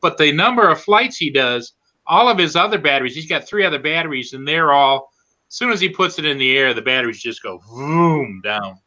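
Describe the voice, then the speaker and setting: A man's voice: fairly high pitch, a little fast, dull audio. A man chatting about flying drones, telling stories and acting out what others said. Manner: chatty, storytelling, animated quoting. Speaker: drone pilot co-host. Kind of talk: casual group chat.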